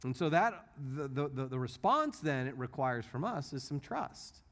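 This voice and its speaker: A man's voice: medium pitch, normal speed. A middle-aged man giving an apologetics teaching talk in a church, telling stories and acting out the people he quotes. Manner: animated storytelling, acts out quotes. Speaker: apologetics speaker.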